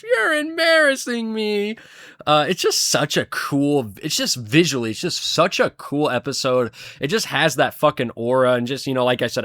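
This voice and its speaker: A man's voice: medium pitch, fairly bright tone, no echo, studio quality. A young man casually ranking cartoon episodes, rambling and swearing freely with frequent chuckles. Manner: rambling, profane, chuckles often. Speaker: show reviewer. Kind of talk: casual commentary.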